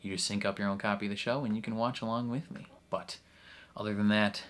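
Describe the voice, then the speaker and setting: A man's voice: fairly low pitch, fairly even intonation, fast talker, a bit bright. A man hosting a reaction video, talking casually with lots of fillers and frequent laughter. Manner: chatty, full of fillers, laughs often.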